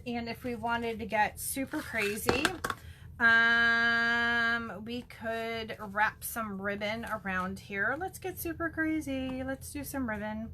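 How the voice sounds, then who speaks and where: A woman's voice: a little high, pushed and bright, a little hiss or hum. Bubbly woman gushing over crafts. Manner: bubbly, gushing, chatty with frequent ums. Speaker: stamping demonstrator. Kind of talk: casual crafting demo.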